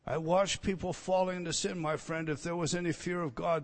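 Impassioned preacher with a high, ringing voice. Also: male voice, steady tone, brisk, long reverb tail. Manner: swings from loud emphatic declarations to hushed, intense near-whispers; direct address to listeners, rhetorical questions. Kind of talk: expository sermon.

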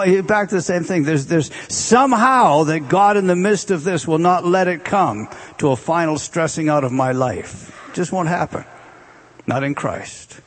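A man preaching with a somewhat higher voice that carries a husky, breathy edge. He explains the meanings of words, then swings between emphatic raised passages and hushed, drawn-out repetitions. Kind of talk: sermon.

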